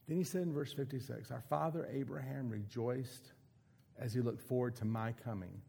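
Guy preaching, gravelly voice, kinda dark and mellow, earnest with big pauses. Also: medium pitch, fairly even intonation. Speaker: pastor. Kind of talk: sermon.

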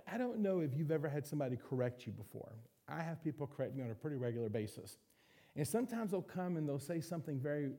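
A man preaching a sermon as pastor, animated, acting out little voices and quotes. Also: fairly high pitch, creaky.

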